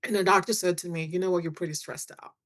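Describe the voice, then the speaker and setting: Middle-aged woman guest, chatty and animated storyteller, talks in quoted dialogue. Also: lowish voice, fast. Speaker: guest, attorney and author. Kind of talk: candid storytelling in a podcast interview.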